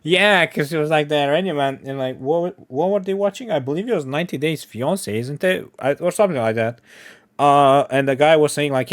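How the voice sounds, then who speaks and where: A man's voice: mid-range voice, quick pace, dry recording, studio quality. A man giving casual, profane reaction commentary, peppering his talk with "bro" and laughing often. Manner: slangy, profane, laughs a lot, says "bro".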